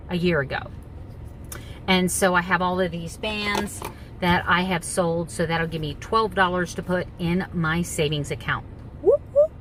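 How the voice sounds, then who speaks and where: A woman's voice: lowish voice, sharp tone, echoey room, slight background noise, poor audio. A woman chatting casually to her viewers in a home kitchen vlog, rambling with friendly asides. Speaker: vlogger. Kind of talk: casual day-in-the-life vlog chat.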